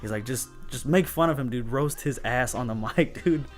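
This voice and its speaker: A man guesting on an interview, telling DJ stories in relaxed, slangy casual chat with frequent laughs. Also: mid-range voice, moderate pace, faint music behind. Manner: laid-back storytelling, says "dude" and "bro" a lot, laughs often.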